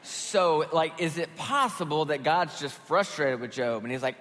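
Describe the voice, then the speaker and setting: A middle-aged man preaching a sermon as pastor, in a conversational, animated way, acting out voices when he quotes people. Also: fairly high pitch, normal speed, hardly any pauses. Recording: long hall reverb.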